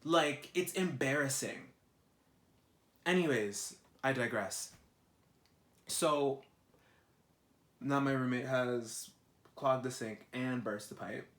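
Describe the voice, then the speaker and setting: A young man, ranting in a vlog, animated and exasperated, swearing a lot. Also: medium pitch, slow, pauses often. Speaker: vlogger. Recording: roomy echo.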